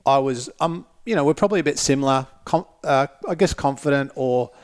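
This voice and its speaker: A man's voice: medium pitch, brisk, clear, resonant tone. A man, a motivational speaker guesting on a podcast, talking reflectively and candidly, with casual swearing. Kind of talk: casual conversation.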